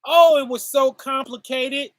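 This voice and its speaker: High, bright-voiced preacher man, slow. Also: steady tone, no echo. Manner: call-and-response asides, laughs while preaching. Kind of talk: informal sermon.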